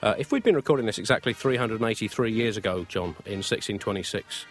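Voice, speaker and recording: A man's voice: fairly low pitch, fast, faint music behind. A man co-hosting a comic podcast, delivering jokes in a dry, mock-grandiose way. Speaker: podcast co-host.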